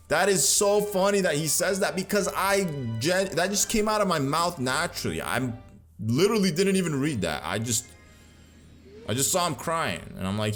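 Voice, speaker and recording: A man's voice: on the high side, big pitch swings, normal speed, fairly bright tone, faint music behind. A man giving casual, joking commentary while playing a video game, full of slang and playful trash talk. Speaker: gaming commentator.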